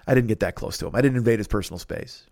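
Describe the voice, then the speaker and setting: A man hosting a comedy podcast, telling a story in a profane, animated way and acting out the people in it. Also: fairly low pitch, rapid-fire, vocal fry, no echo, studio quality. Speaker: podcast host.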